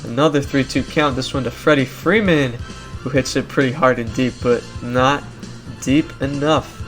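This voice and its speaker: A young man giving casual play-by-play commentary over a video game baseball league, animated and climbing into shouts at big plays. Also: medium pitch, moderate pace, faint music behind.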